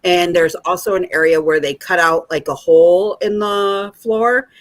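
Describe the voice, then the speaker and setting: A woman's voice: on the low side, steady tone, moderate pace. A woman from Michigan, a guest on a casual chat, talking enthusiastically and giggling often. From Michigan, United States.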